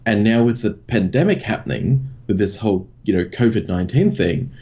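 A man's voice: lowish voice, animated, brisk, mellow, muffled recording. An Australian man, a content creator guest, chatting casually on a podcast. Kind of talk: casual interview chat.

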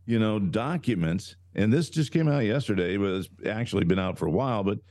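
Low-voiced co-host guy, swoops up and down a lot, warm mellow tone, emphatic. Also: brisk. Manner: animated, emphatic, trails off and restarts. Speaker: podcast co-host. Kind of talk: casual talk show chat.

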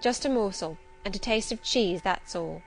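Cool composed servant woman, read by a woman, prim, steady, insinuating, storybook reading. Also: medium pitch, moderate pace, soft background music, lightly acted. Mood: curt.

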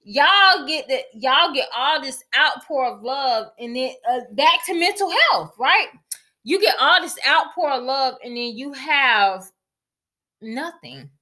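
A woman's voice: sits high, animated, a little slow, bright, forceful tone. A woman co-hosting a casual chat show, telling personal stories in a candid, profane way. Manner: candid, profane, emotional storytelling. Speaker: podcast co-host.

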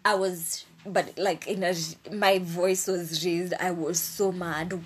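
Woman podcast host, slow and lowish voice, casual storyteller who cusses when annoyed. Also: slight background noise. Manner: animated, exasperated, swears freely.

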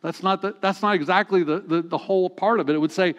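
A man's voice: sits high, quick pace, few pauses, fairly bright tone, long reverb tail. A male pastor giving a sermon in a conversational way, often asking the congregation rhetorical questions.

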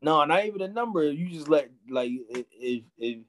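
A man's voice: fairly high pitch, animated, moderate pace, a bit bright. A young man hosting a casual chat, giving blunt and profane opinions.

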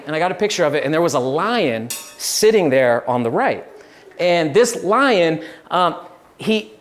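A young man giving a relaxed, chatty sermon, telling stories with laughs and restarts. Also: sits high, slight background noise. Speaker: pastor. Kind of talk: casual sermon with storytelling.

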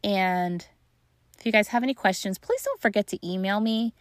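A woman's voice: medium pitch, normal speed, dry recording, studio quality. A young adult woman hosting a solo podcast on grief, talking casually and reassuringly straight to her listeners with many fillers. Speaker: podcast host and grief coach.

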